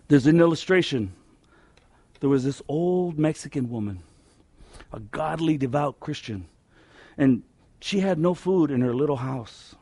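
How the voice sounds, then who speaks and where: Male preacher, high-pitched, emphatic, repeats key lines, dry close recording. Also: darkish tone, no room sound. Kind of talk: sermon.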